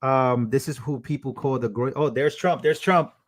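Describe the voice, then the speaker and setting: A man's voice: mid-range voice, moderate pace. A young man hosting a live stream, chatting casually, reading out chat messages and thanking donors.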